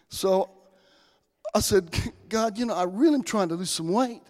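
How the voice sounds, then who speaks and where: Preacher, male, folksy storyteller, high voice, church reverb. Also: normal speed. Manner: folksy storytelling, swings from soft to loud. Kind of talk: sermon with personal stories. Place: church sanctuary. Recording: long hall reverb.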